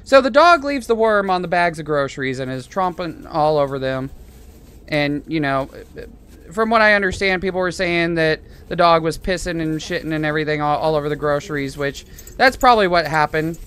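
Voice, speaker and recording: A man's voice: fairly high pitch, lively intonation, a little fast, a bit bright, clean tone. A man hosting a reaction video, commenting on clips in an irritated, ranting way.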